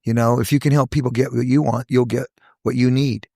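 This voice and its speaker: A man in his sixties, a hair educator, telling stories from his career in a lively podcast chat, acting out the voices of people he quotes. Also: mid-range voice, fairly quick, vocal fry, no echo, studio quality. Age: 60s. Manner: animated storyteller, acts out quoted voices. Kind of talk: casual podcast storytelling.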